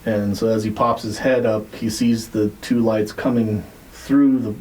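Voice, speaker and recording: A man with a somewhat low, warm and mellow voice tells a story on a podcast. He talks loosely, rambling with plenty of "like" and the odd curse word. A faint background hiss sits under the recording. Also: fairly even intonation, a little slow, poor audio. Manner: loose, rambling retelling with frequent "like" and swearing. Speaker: podcast host. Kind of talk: casual storytelling.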